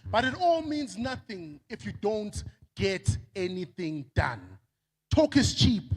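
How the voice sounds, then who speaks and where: Brief: South African motivational speaker, high-pitched, animated, leads crowd chants on stage. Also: male voice, slow pace. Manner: animated, leads crowd call-and-response shouts. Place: event stage before a crowd.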